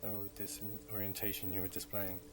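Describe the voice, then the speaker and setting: A man's voice: fairly low pitch, monotone, a little fast. Jokey man streaming a game. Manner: jokey, improvising silly asides. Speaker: let's play streamer. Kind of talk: playful let's play commentary, reading dialogue. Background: game music.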